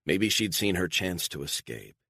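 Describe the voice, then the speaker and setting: A man narrating a spy thriller audiobook in a measured, even reading. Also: low voice, creaky, dry recording, studio quality. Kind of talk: scripted narration.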